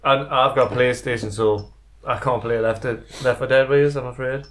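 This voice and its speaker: An easygoing man chatting among friends on a podcast. He speaks at a middle pitch, often letting his sentences trail away. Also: fairly even intonation, moderate pace, fairly bright tone. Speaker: podcast co-host. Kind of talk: casual chat.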